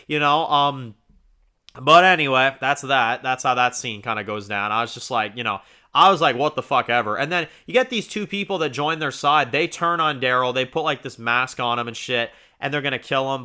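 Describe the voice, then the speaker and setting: A man's voice: medium pitch, bright, forceful tone. A young man hosting a TV review channel, talking casually in a rambling, profane way with many fillers and restarts. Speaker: TV review host.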